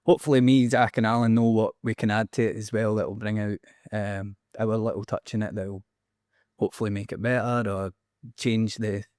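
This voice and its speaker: A man with a Scottish accent, a band member, talking in a relaxed, easygoing way in an interview. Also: fairly low pitch, fairly quick, dry recording, clean studio sound. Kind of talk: casual interview.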